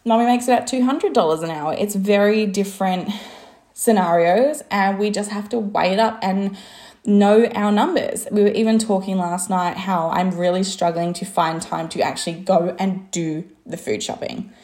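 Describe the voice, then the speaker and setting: A woman's voice: medium pitch, steady tone, normal speed, darkish tone. Casual, swearing woman. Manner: chatty, swears freely, lots of "like" and laughs. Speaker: business coach and designer. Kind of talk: casual monologue to camera.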